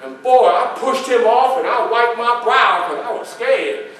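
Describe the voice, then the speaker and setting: A man's voice: very high-pitched, unhurried, a bit bright, a little hiss or hum. A man performing a first-person historical character for a library audience, telling his story in a folksy way and quizzing the crowd. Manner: folksy, questions the audience, plays the other people in the story. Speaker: historical reenactor. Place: library meeting room. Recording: echoey room from a far camera.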